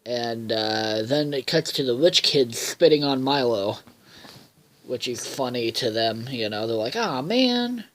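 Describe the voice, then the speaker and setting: A man's voice: mid-range voice, steady tone, unhurried, a bit bright. A man casually recapping a cartoon episode in a rambling, profane way, full of fillers and half-finished thoughts, sounding tired. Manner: profane, filler-heavy, loses his train of thought.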